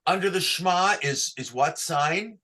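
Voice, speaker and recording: A man teaching a class on chanting, who asks patient questions and sings short phrases slowly to show how they go. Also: high-pitched, pushed and bright, slight background noise. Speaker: cantor teaching Torah chanting. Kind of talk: online class, chanting examples.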